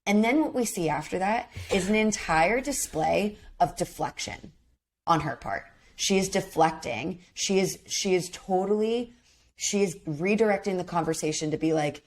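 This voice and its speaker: A woman's voice: on the low side, normal speed. A woman co-hosting a podcast, chatting casually and emphatically, acting out what others said. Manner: animated, emphatic, acts out quotes. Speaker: podcast co-host. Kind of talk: casual chat recapping a reality show.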